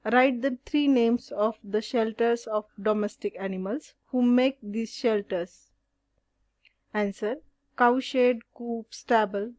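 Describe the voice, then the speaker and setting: A female teacher goes through a school exercise, reading each question aloud and then its answer. Her voice is somewhat high with a darkish tone, and she speaks slowly. The recording is dry and close, with no sense of a room.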